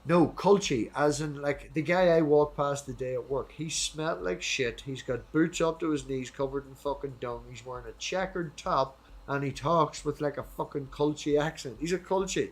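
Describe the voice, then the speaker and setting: A man with an Irish accent hosting a casual debate chat. He rambles, goes off on tangents and swears freely, and at times slows down to read scripture aloud. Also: on the high side. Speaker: host.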